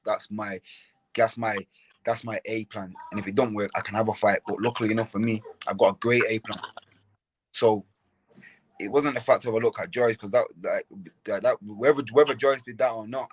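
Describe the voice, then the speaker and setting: A man's voice: fairly low pitch, no echo. Young guy chatting on a podcast, keeps repeating himself n restarting, dead dry close mic sound. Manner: repeats words and restarts often, says sorry for slips. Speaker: professional boxer, guest. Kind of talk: casual interview talk.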